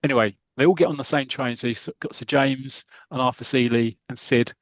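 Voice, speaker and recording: Male podcast host, chatty storyteller, mid pitch, dry close mic. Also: steady tone, brisk, dry recording. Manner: chatty, restarts, does character voices. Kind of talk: casual retelling of a comic story.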